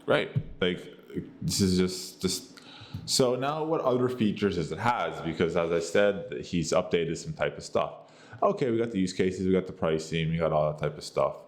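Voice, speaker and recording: A man with an American accent giving a casual, rambling review of an app, full of fillers and repeated catchphrases. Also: normal speed. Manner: rambling, filler-heavy, says "boom" and "you get the idea". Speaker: tech reviewer.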